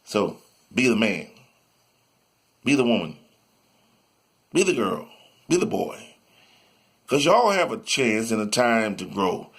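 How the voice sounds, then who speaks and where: Gravelly-voiced man rambling motivational talk. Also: on the low side, big pitch swings, slow pace, pauses often, a bit bright. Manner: rambling and repetitive, sometimes breaks into sing-song chanting.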